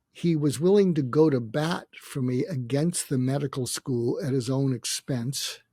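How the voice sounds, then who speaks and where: An older man with a gravelly, creaky voice tells a personal story on a podcast. He talks reflectively, with frequent pauses and hesitations. The recording is close and dry. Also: medium pitch, a little mellow, no echo. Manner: reflective, with many hesitations and quoted dialogue. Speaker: podcast guest. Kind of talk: storytelling in a conversation.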